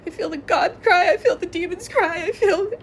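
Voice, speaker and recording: A woman with a very high voice speaks straight to her viewers in a confessional vlog. She is tearful and congested, and her talk rambles between sobs and shaky laughter. A faint hiss sits under the recording. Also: normal speed. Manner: rambling, emotional, laughing through tears. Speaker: vlogger.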